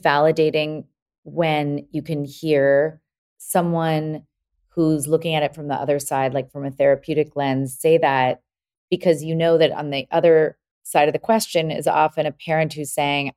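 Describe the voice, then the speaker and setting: Deep-voiced woman podcast host. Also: dark tone. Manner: affirming, reflective. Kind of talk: conversational podcast interview.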